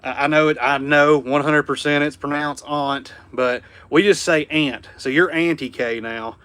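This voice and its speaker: A man with a Southern US accent hosting a casual livestream from home, reading viewer comments and speaking gently to his dog. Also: on the high side, fairly even intonation, normal speed, clean tone. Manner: easygoing, drops to a hushed murmur around his dog. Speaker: livestream host. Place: home room indoors.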